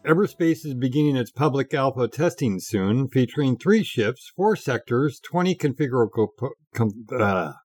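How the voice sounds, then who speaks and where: A man's voice: medium pitch, expressive, normal speed, few pauses, a little mellow, husky, no echo, clean studio sound, faint music behind. A man co-hosting a podcast, reading gaming news aloud and often laughing through it. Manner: giggly, laughs through lines. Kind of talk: casual news read.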